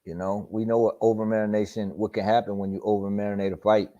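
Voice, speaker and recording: A man's voice: on the low side, little pitch movement, quick pace, mellow. A man hosting a live boxing talk stream, talking casually and profanely with lots of slang and repetition. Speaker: boxing talk show host. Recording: dull lo-fi stream audio.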